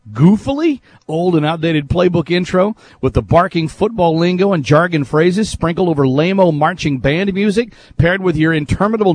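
Laughing male sports radio host. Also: on the high side. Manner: laughs a lot, reads aloud with gusto. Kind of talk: casual radio banter, reading listener email.

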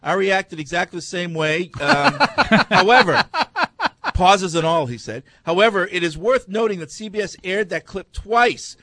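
Casual sports talk host, a man, reads listener emails aloud in a somewhat high voice. The sound is dry and close, with no room echo. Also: normal speed, hardly any pauses, a bit bright. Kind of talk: casual sports radio chat.

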